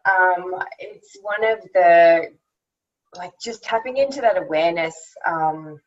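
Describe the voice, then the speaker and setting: A woman's voice: lowish voice, takes it slowly. A woman joining an online book club discussion remotely, enthusiastic, with many fillers and restarted words. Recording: distant muffled call audio.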